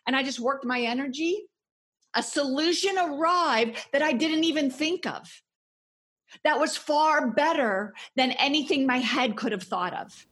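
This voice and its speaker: A woman's voice: high-pitched, measured pace, fairly bright tone. A woman guest author talking passionately and emphatically in a podcast interview. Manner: passionate, emphatic motivational talk.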